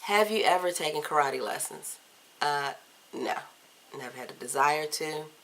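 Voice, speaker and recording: A woman in her thirties from Virginia, chatting casually through a list of tag questions on a camcorder, candid and playful, often trailing off softly. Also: low voice, lively intonation, unhurried, a little hiss or hum. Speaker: vlogger. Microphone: camcorder mic.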